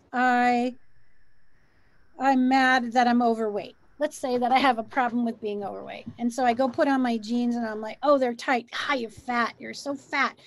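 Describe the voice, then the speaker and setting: A woman's voice: a little high, dry recording. A middle-aged woman co-hosting a casual spiritual chat, encouraging and coaching her guest. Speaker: co-host.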